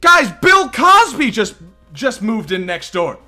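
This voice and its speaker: A man voicing an excited, starstruck male neighbor who gushes loudly. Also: very high-pitched, slow pace, faint music behind, pitched above the performer's own voice, heavily acted. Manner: gushing, loud, breathless.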